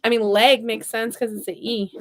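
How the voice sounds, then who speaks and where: A woman's voice: a little high, little pitch movement, normal speed, a bit bright. A woman in her thirties chatting casually and telling playful stories while she repairs toys with her hands. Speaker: toy repair vlogger. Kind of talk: casual chat while crafting.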